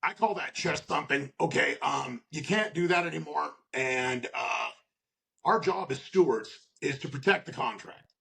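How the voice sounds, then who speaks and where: Gruff, higher-pitched man with a gravelly edge, a blunt and profane union steward who keeps checking in with "okay?". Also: unhurried, bright, forceful tone. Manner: acts out workplace scenarios in quoted voices. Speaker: union shop steward guest. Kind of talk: casual podcast conversation.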